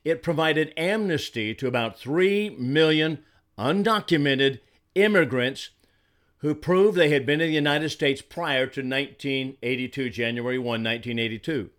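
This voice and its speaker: A man's voice: medium pitch, moderate pace, fairly bright tone. A man in his sixties from Arizona delivering an indignant political commentary, stressing his points and repeating words when heated. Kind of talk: solo commentary monologue.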